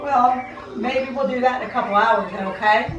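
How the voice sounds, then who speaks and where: High woman questioning a toddler, echoey room. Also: normal speed, distant mic, highs cut off, over music. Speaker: family member. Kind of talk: casual talk to a child. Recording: echoey room, away from the camera.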